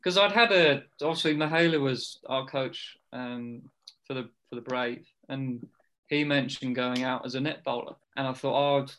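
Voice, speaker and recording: A young man in his twenties talks easily as a podcast guest. He rambles through stories with plenty of "kind of" and "like", and his voice sits at a middling pitch. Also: normal speed, bright, forceful tone. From England. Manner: chatty storyteller, loose with fillers like "kind of". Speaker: guest cricketer. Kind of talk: casual podcast chat.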